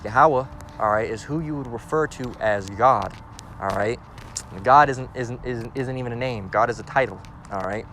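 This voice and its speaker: A man giving an informal scripture lesson as a street preacher. He reads verses slowly, then explains them in blunt slang, checking in with "all right?" again and again. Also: medium pitch, a bit bright, slight background noise.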